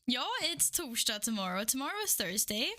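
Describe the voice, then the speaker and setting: A playful woman livestreamer in casual chat with her viewers, full of giggles and bubbly energy. Her voice sits a little high and rings very bright and sharp. She talks into a streaming microphone while wearing headphones. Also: very animated, a little fast.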